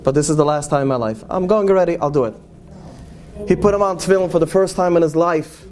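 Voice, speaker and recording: Earnest high-voiced man, tinged storyteller. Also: darkish tone. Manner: earnest, slows and lingers on key words for emphasis. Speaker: rabbi. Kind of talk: storytelling talk to an audience.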